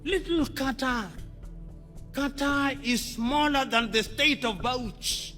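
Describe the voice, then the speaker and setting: A man's voice: very high voice, bright, forceful tone. A man delivering a formal public speech, impassioned, with rhetorical questions and emphatic repetition. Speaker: public speaker. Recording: reverberant hall with music added.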